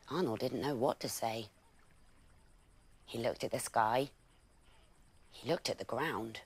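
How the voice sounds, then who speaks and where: A woman presenting a bedtime story for children, reading it aloud gently and expressively. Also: very deep voice, slow pace, pauses often, husky.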